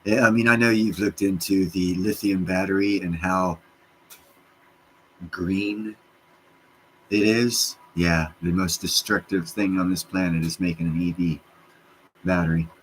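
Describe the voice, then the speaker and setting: A man hosting a livestream, chatting with viewers in a rambling, profane, excitable way and jumping from topic to topic. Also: low voice, unhurried, long pauses, slight background noise, poor audio. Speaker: livestream host answering chat. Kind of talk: casual rambling rant.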